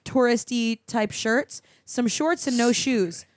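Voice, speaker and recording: A woman's voice: on the high side, slow pace, dry recording, clean studio sound. A woman from Florida, co-hosting a podcast, telling rambling anecdotes. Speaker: podcast co-host. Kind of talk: casual chat.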